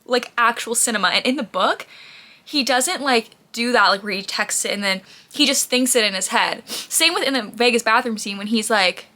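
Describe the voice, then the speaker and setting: Her voice is fairly high, pushed and bright, at a moderate pace. Breathless, she vlogs casually, rambling and gushing over what she watches with heavy use of "like".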